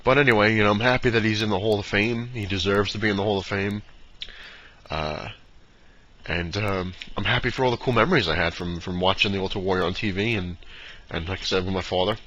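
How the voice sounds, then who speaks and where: Rambling man with a bright lo-fi sound. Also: lowish voice, quick pace. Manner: rambling, fillers, mimics dad in quotes. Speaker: vlogger. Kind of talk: casual rambling storytelling. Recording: dull lo-fi sound with faint noise.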